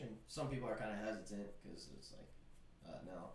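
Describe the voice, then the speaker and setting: A man's voice: mid-range voice, fast. A man in his twenties co-hosting a sports betting show, telling stories in casual chat and swearing freely. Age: 20s. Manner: animated storyteller, swears and laughs while retelling. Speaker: sports betting podcast co-host. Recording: roomy, distant mic with faint ambience.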